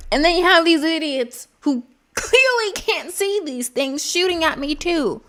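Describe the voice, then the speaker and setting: A woman's voice: sits high, very animated, normal speed, a bit bright. Exasperated woman commenting on a game. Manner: exasperated, talks to the game characters. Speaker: gaming streamer. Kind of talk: let's-play commentary.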